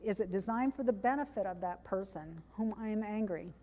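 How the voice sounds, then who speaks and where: A woman's voice: mid-range voice, expressive, brisk, warm tone. A woman giving a sermon in a conversational, plainspoken way, often correcting herself mid-sentence. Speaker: preacher. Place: church sanctuary. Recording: long church reverb.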